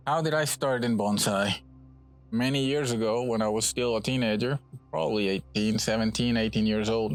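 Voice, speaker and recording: A man from Puerto Rico, a bonsai nursery owner, casually explaining his trees in a relaxed, rambling way with frequent restarts outdoors at his nursery. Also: medium pitch.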